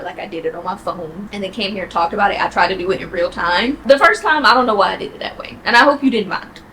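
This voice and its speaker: A young woman talking casually to her viewers, chatty and animated, laughing often and jumping high in pitch when she quotes people. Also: slight background noise, rough recording. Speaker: vlogger. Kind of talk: casual chat to camera.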